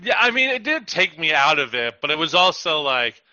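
A man with a very bright, forceful voice chats as a podcast co-host, halting and filling gaps with "like". His mic sounds dull and lo-fi, and the sound is dead dry with no room. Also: fairly high pitch, very animated, no room sound. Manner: halting, heavy use of "like". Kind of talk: casual chat.

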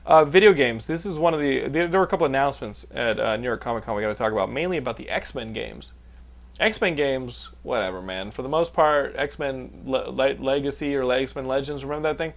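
A gravelly, medium-pitched voice belongs to a thirtysomething Texan podcast host who talks fairly quickly. In casual chat, he tells rambling, profane stories and laughs through them.

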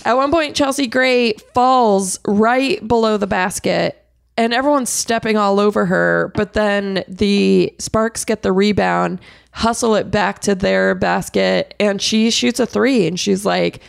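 A woman talks slowly through a story in a relaxed group chat. Her voice carries a gravelly fry. The sound is dry and close. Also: mid-range voice, no room sound. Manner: recaps events in storytelling mode. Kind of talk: casual chat.

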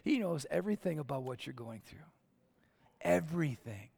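A man preaching a sermon, conversational and animated, acting out quotes and asking the crowd questions. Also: fairly high pitch, normal speed, vocal fry, slightly rough. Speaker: pastor.

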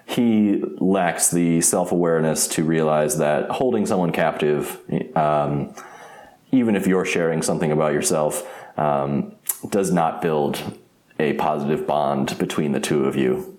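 A man with a very low, deep voice talks through an episode recap in a loose, rambling way, often laughing and restarting his sentences. The sound is roomy and echoey. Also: fairly even intonation, measured pace, a little mellow. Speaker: podcast co-host. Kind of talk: casual episode recap chat.

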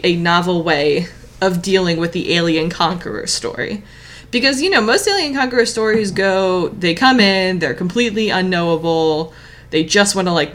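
Woman podcast cohost, chatty and animated, laughs a lot. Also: lowish voice. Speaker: podcast co-host. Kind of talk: casual chat reviewing an audiobook.

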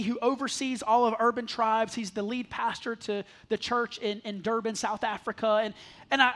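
High-voiced man preaching a sermon. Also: a bit bright. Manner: earnest, repeats words when restarting. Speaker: pastor. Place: church service before a congregation.

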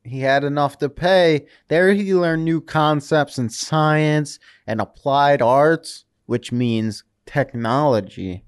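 A man's voice: fairly high pitch, slow, hardly any pauses, clear, resonant tone, no echo, clean studio sound. Casual man retelling a history story. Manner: reads from notes then riffs with crude jokes. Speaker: podcast co-host. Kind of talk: casual history podcast chat.

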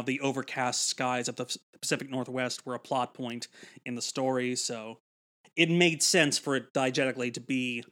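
A man's voice: mid-range voice, a bit bright. A man with a mid-range voice co-hosting a casual movie-review chat. He tosses out dry, joking quips between his points.

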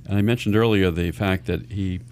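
A man's voice: low-pitched, fairly even intonation, a little fast, darkish tone, a little hiss or hum. A man hosting a radio talk show as a financial advisor, explaining earnestly and often restarting his sentences.

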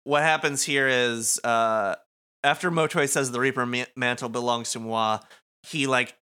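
A man's voice: mid-range voice, fairly even intonation, unhurried, pushed and bright, clean tone. A man co-hosting a podcast in casual chat, rambling and laughing with frequent restarts. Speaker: podcast co-host.

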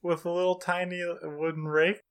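A man's voice: high-pitched, flat delivery, normal speed, smooth. A man co-hosting a casual podcast, joking and bantering with crude humor. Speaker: podcast co-host. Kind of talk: casual chat.

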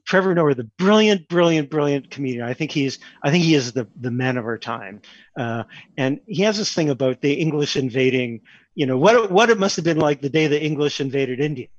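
A man's voice: on the high side, a little fast, no room sound, muffled recording. A man, a composer and pianist, talking as an interview guest, discursive and restarting often. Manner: discursive, restarts often, animated with rising questions. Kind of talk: reflective conversational interview.

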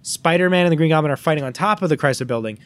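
A man's voice: fairly high pitch, racing. A man co-hosting a podcast in casual chat, telling a long story with energy and acting out the lines of the people in it. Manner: animated storyteller who acts out quoted lines. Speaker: podcast co-host.

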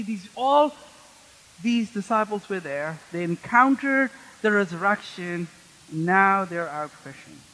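High bright-voiced male pastor preaching. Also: in a large hall, rough recording. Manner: conversational, questions the congregation. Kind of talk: sermon. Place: church.

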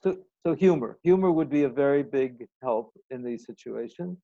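A man's voice: mid-range voice, expressive, moderate pace, gravelly, warm tone, no echo. A man talking as a client in a casual conversation, hesitant with stammering restarts, on a dull recording.

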